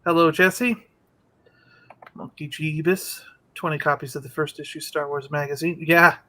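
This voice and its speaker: Casual male storyteller: high, very bright voice, animated, acts out the lines. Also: normal speed. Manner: animated storyteller, acting out quotes. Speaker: podcast co-host. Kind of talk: casual chat.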